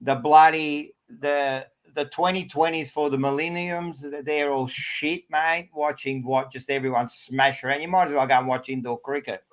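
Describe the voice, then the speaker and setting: A man's voice: on the high side, steady tone, moderate pace, few pauses. A man with an Australian accent hosting a casual sports podcast, blunt and teasing, swearing freely. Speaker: podcast host.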